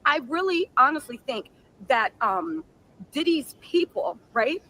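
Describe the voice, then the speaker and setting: A woman hosting a live reaction stream, giving sassy, animated commentary and reading out viewer messages. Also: high voice, slight background noise, low-quality recording. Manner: sassy, fast-talking, mimics people she describes. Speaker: livestream host reacting to trial news.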